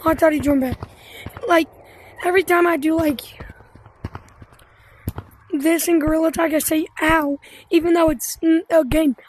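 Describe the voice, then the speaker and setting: Young woman, very high-pitched, chatty gameplay commentary, filler-heavy, headset mic. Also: fairly even intonation, normal speed, long pauses. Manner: chatty, rambling, lots of fillers. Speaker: gaming YouTuber.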